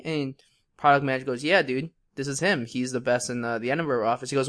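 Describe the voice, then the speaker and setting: A man's voice: mid-range voice, quick pace, a bit bright. A young man co-hosting a podcast, telling a long story in a casual, rambling way with many fillers and restarts. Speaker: podcast co-host.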